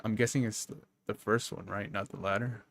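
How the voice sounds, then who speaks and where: Man streaming, casual chat, low voice, hesitant questions. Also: steady tone, fairly quick, gravelly, a bit bright, slight background noise.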